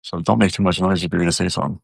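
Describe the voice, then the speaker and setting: This casual live streamer has a very low, deep voice that's gravelly and slightly rough, and he speaks at a racing pace with fairly even intonation. Rambling loosely with frequent fillers and restarts, he jokes and addresses his viewers directly. The sound is dry and close.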